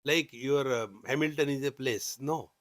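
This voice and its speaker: Chanting Sanskrit verses and then explaining them humorously, a man with an Indian English accent leads a scripture discourse as a spiritual teacher. He talks at a normal speed in a steady, medium-pitched voice, captured at studio quality with no room sound.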